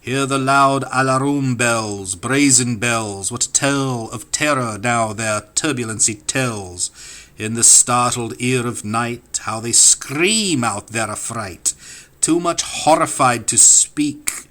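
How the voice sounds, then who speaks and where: Man, audiobook poetry reader, slow and measured, bright tone, incantatory rhythm. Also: medium pitch. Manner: rhythmic, incantatory delivery with sweeping rises and falls. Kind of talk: dramatic poetry reading.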